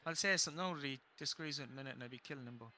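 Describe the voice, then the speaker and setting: A man's voice: mid-range voice, racing, background noise. A man co-hosting a football watch-along, chatting and telling stories between plays and swearing. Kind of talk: live match watch-along chat.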